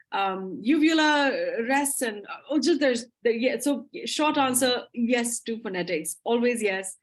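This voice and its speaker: A woman English teacher answering audience questions in a live webinar, talking with eager enthusiasm. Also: on the high side. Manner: enthusiastic, explanatory.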